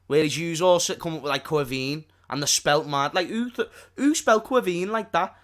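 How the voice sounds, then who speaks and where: A young man with a Scouse accent co-hosting a casual football podcast, animated and quick to laugh. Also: on the high side. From Liverpool. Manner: laughing, animated, slangy banter. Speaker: podcast co-host.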